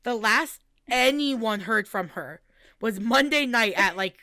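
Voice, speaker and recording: Young woman podcast co-host with a crisp, forceful voice, lively and foul-mouthed. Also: a little high, dry recording, clean studio sound. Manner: animated storytelling, swears freely, quick laughs. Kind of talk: casual chat.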